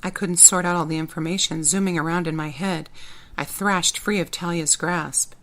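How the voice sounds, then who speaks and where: Woman author narrating her audiobook, first person, low and steady. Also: moderate pace. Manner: plain, steady storytelling.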